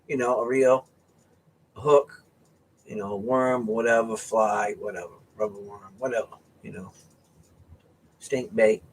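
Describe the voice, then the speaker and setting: A man from the US East Coast, hosting a casual home vlog and telling a story in an animated way, often ending sentences with "right?" or "okay?". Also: on the low side, a little slow, long pauses, slightly rough. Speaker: vlogger host.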